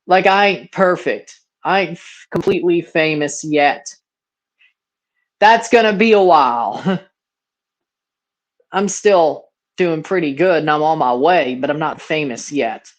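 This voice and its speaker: Hosting a livestream watchalong, this 21-year-old Mississippi man speaks in a highish voice at a measured pace, pausing often. He calls plays and rambles in blunt, slangy casual talk with a near-Southern American accent.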